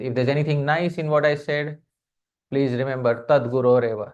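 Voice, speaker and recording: A man leads a devotional class on verse, chanting lines slowly and then explaining them. He keeps turning to his listeners as dear devotees and quizzing them. The recording is a bit muffled. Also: medium pitch, steady tone, darkish tone. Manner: keeps addressing the audience as dear devotees, asks them questions. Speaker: speaker giving a scripture class. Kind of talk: devotional lecture on poetry.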